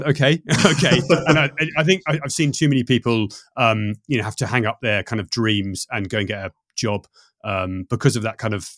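A middle-aged man from the United Kingdom, a coach chatting as a podcast guest, talking fast with lots of restarts and fillers. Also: mid-range voice, a bit bright, dry recording, clean studio sound. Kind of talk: casual podcast conversation.

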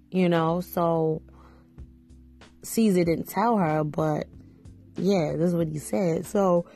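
A woman's voice: on the low side, fairly even intonation, measured pace, mellow, faint music behind. A woman hosting a podcast, giving casual opinions on a reality show in a chatty way, full of "you know" fillers. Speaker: podcast host.

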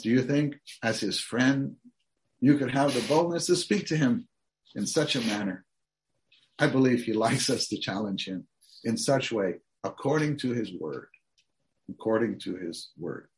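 A man preaching a sermon, reading outline points aloud and then expounding earnestly to the congregation. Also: mid-range voice.

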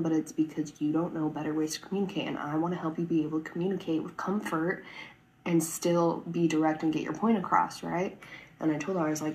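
Talking to camera with plenty of "like" and "right?", a twenty-something vlogger rambles in an earnest way. She speaks in a low pitch on a rough recording.

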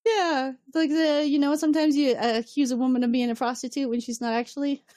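A woman co-hosting a podcast in casual chat, recapping an episode with lively acted-out lines and frequent laughter. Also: high-pitched, fast talker, dry recording, clean studio sound. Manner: animated, acts out characters' lines, laughs often. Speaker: podcast co-host.

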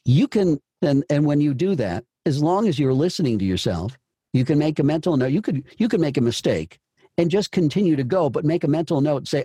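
A man's voice: on the high side, very animated, fairly quick, dark tone, husky, dry recording, studio quality. A man coaching voice actors, talking emphatically and often repeating and restarting his phrases. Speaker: voice acting coach. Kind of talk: coaching session.

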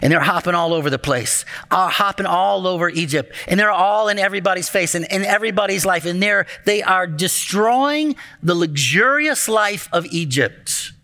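A man preaching as a pastor, telling a Bible story with lively acted-out lines and speaking directly to the children in the congregation. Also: high voice, normal speed, hardly any pauses. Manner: animated, acts out the story voices, talks to the children. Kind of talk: sermon storytelling.

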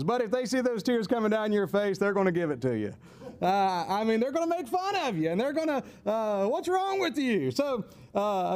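A man's voice: sits high, darkish tone. A man giving a casual, folksy teaching talk, rambling with chuckling asides. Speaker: teacher on temperaments.

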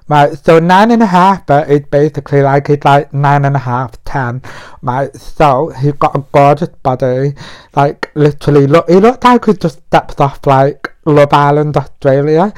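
Crude, nonstop man, smooth voice. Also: fairly high pitch. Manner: crude, rambling, talks nonstop. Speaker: podcast host. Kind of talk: casual podcast monologue. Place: bedroom in a flat.

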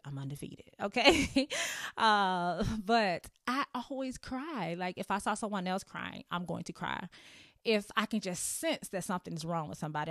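A woman's voice: lowish voice, dry recording, studio quality. A woman in her thirties hosting a podcast, telling her own story in a candid, playful way and laughing often. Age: 30s. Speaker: podcast host. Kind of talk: casual storytelling monologue.

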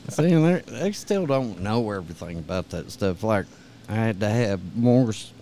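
A man's voice: on the low side, animated, normal speed, mellow, slight background noise. A man speaking bluntly and matter-of-factly in casual podcast talk. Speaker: podcast guest. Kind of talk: casual chat.

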